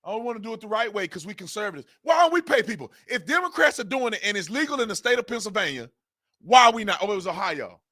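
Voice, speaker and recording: Man, high voice, bright and tense, lively swings in pitch, exasperated rant, repeated rhetorical questions. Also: fast, few pauses. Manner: exasperated, repetitive rhetorical questions, informal grammar. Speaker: political commentary channel host. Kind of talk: ranting political commentary.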